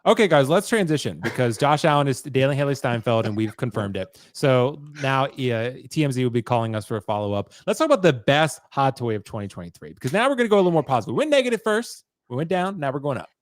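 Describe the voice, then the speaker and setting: A man hosting a casual podcast chat, animated and laughing often as he steers the conversation. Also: mid-range voice, quick pace, few pauses, no echo, clean studio sound. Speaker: podcast host.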